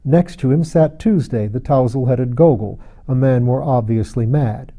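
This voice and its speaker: A man narrating a classic novel as an audiobook reader, in a measured, steady storytelling manner. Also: medium pitch.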